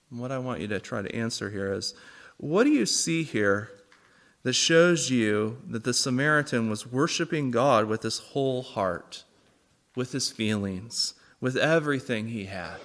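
A man preaching a sermon, reading scripture and asking the congregation questions in an animated way. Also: mid-range voice. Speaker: pastor.

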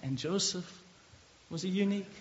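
A man preaching a sermon, animated and stumbling over repeated words as he builds his points. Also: high voice, normal speed, a little hiss or hum. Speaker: pastor. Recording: dull lo-fi recording.

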